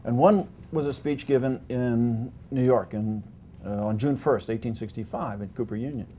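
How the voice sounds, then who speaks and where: A man's voice: medium pitch, normal speed, warm tone, slight background noise. An older man, a historian guest, answering interview questions at length with frequent fillers, restarts and dry humor.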